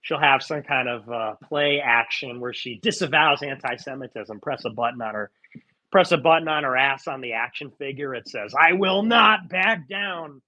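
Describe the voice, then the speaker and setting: A man's voice: medium pitch, moderate pace, sharp tone, highs cut off. A man ranting sarcastically in a live audio chat, mocking others with theatrical outbursts. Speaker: streamer.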